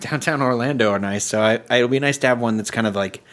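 A man's voice: mid-range voice, quick pace, a bit bright. A man co-hosting a casual podcast, joking and teasing. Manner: jokey, teasing. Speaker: podcast co-host. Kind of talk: casual chat.

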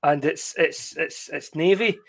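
A Scottish man co-hosting a live podcast, laughing often and reading out viewer comments, his voice a bit husky. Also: fairly high pitch, measured pace. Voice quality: husky tonight. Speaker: podcast co-host. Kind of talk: casual live podcast chat.

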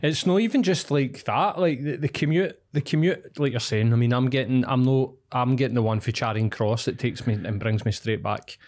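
A man's voice: mid-range voice, normal speed, few pauses. Sweary Glasgow man telling stories. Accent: Scottish, Glasgow. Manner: sweary, animated storytelling. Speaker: podcast co-host. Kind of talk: casual banter.

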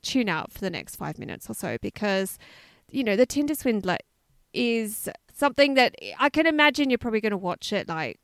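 A woman's voice: fairly high pitch, very animated, a little fast, creaky, a bit bright, dry recording, clean studio sound. A woman co-hosting a podcast, chatting casually and telling a story with lots of asides. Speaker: podcast co-host.

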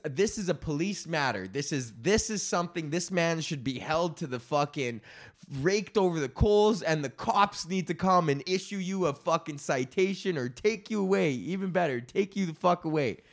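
A man putting on the voice of a shrill, entitled woman cyclist who indignantly threatens to call the police. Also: expressive, normal speed.

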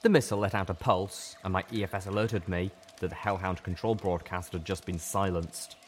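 A man narrating a first-person fan fiction story in a steady, measured way. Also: low-pitched, a little hiss or hum. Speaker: audiobook reader.

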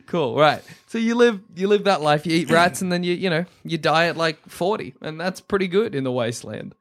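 A man's voice: on the high side, expressive, brisk. A man co-hosting a comedy podcast in casual banter, rambling with restarts and laughing often. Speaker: podcast co-host.

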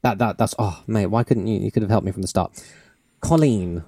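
A man co-hosts a podcast with a relaxed, mellow voice, recorded close in a dry room. He talks in an excitable, rambling way, laughing often and swearing freely. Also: fairly low pitch, a little fast, slightly rough, no echo. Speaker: podcast co-host. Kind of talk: casual chat.

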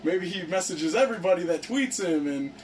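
A young man casually telling a story to friends, excited and profane, filling his talk with "like". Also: high-pitched, a little fast, crowd noise. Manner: excited, profane, heavy use of "like". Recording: distant mic with faint background noise.

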